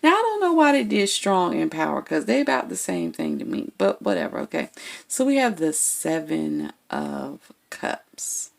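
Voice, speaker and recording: Gravelly-voiced woman reading tarot. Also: lowish voice, wildly swooping pitch, normal speed. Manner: chatty, blunt, keeps checking in with "okay?". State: has the hiccups. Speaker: tarot reader. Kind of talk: casual tarot reading to camera.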